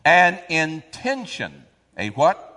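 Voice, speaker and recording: Animated preacher man in a reverberant hall. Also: on the high side, slow. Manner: call-and-response, quoting scripture, sudden loud swells. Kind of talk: sermon.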